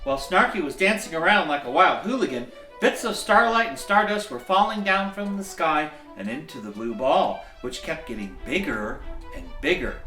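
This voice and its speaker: A man in the role of Santa, reading a bedtime story in a gentle, chuckling, folksy way. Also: fairly high pitch, expressive, moderate pace. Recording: echoey room, mic at a distance, soft music.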